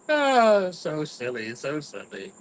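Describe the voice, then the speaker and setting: A man's voice: a little high, huge pitch swings, slow pace, low-quality recording. A man hosting a cigar review, chatting casually to live viewers and rambling through personal stories. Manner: rambling storyteller, mimics his own grumbling.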